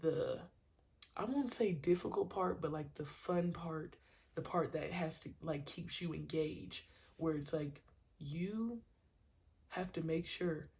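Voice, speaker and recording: A woman with a slightly low voice speaks in a casual, slangy monologue about training kids. She is animated and conversational, and often bursts into her own coaching calls. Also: creaky. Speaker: podcast host and youth sports trainer.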